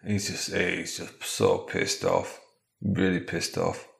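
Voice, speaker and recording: Animated man telling a comic story. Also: deep voice, slow pace, creaky. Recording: roomy echo.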